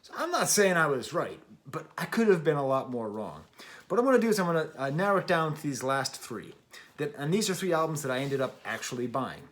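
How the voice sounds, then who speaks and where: A middle-aged man with a fairly high-pitched voice hosts his music review show off the cuff. He rambles in a chatty, self-deprecating way, with plenty of ums and little restarts along the way. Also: very animated, a little fast, a bit bright. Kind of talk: casual unscripted video talk.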